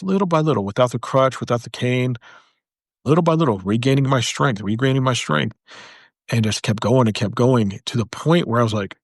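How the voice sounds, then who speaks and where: A military veteran, a man, earnestly telling his personal story, halting and repeating phrases for emphasis, and speaking softly in the heavy moments. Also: medium pitch, no room sound, clean studio sound.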